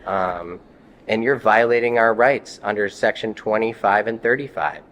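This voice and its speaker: A man's voice: lowish voice, normal speed, a bit bright. A man telling, in casual heated speech laced with swearing, how an encounter with police unfolded. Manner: profane, heated, quotes others in his telling. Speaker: interviewee recounting an arrest. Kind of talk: casual storytelling.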